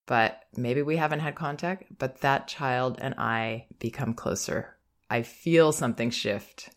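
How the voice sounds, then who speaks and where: A woman hosting a parenting advice podcast, speaking in a calm, gentle and reflective way, with soft laughs. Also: very deep voice, measured pace. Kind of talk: advice monologue.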